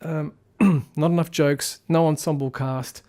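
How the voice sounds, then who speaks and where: A man with a fairly high voice giving an unscripted film review. He rambles and thinks aloud, and his tone stays critical throughout. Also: steady tone, takes it slowly, mellow. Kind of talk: casual spoken film review.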